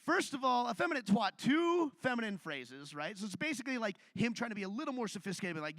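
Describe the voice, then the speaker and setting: Male stand-up comic, high bright voice, dry close sound, chatty and self-mocking. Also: big pitch swings, quick pace, hardly any pauses, no echo. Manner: conversational, self-deprecating storytelling. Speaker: stand-up comedian. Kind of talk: live stand-up set. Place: theatre stage.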